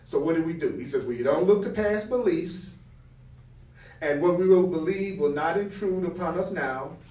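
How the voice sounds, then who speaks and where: The recording is roomy, with the speaker far from the mic: a man with a slightly high voice and moderate pace. He reads passages from a spiritual text and explains them animatedly, posing rhetorical questions and acting out example dialogue.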